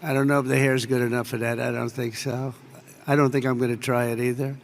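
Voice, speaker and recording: A man's voice: medium pitch, level tone, fairly quick. An older American man giving a rambling, off-the-cuff speech to troops, full of superlatives and asides. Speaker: president addressing troops. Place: large air base hall. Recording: long reverb from a large hall.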